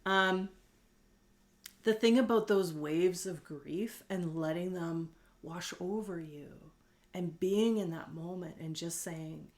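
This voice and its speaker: Gentle, candid middle-aged woman. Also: on the low side, measured pace. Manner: gentle, candid, tearful at times, rambling with fillers. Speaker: host. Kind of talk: heartfelt personal talk to camera.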